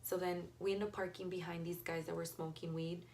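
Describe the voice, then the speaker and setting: Young woman spilling a story, kinda low voice, swears a lot, acts out the lines. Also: fairly quick, slight background noise. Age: young adult. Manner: blunt, profane, lively retelling with quoted dialogue. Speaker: vlogger. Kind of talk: casual storytime.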